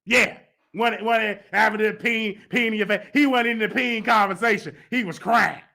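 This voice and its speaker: A man hosting a gossip commentary show, with a high, sharp and tense voice. He talks in a heated, sarcastic way and mocks the people he discusses. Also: steady tone, moderate pace, vocal fry. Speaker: host.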